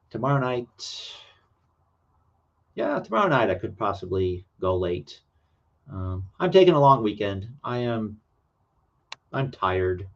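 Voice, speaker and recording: A man's voice: mid-range voice, dull audio. A man hosting a casual late-night livestream, talking in a rambling, hesitant way with many fillers. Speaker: livestream host.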